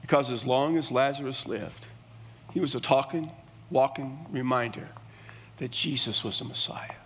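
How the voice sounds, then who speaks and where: A man's voice: mid-range voice, normal speed, fairly bright tone, husky. A man preaching a sermon in a folksy, conversational way. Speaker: pastor. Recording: long reverb of a large hall.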